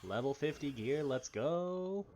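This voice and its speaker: A man's voice: on the high side, animated, takes it slowly, darkish tone, slight background noise. A man streaming a video game, chatting casually with self-deprecating asides. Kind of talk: casual let's-play commentary.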